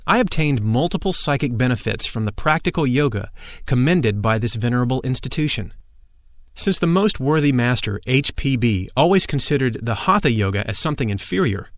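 A man reading a first-person spiritual memoir aloud in a measured, formal and emphatic way, now and then drawing out intoned vowels. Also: mid-range voice, expressive, dry recording, clean studio sound. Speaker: audiobook narrator.

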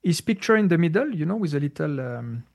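Guy with a higher gravelly voice, stops and restarts a lot, feels around for the right words. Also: big pitch swings, darkish tone. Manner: halting, searching for words, many fillers and restarts. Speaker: spiritual teacher answering questions. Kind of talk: casual spoken Q&A.

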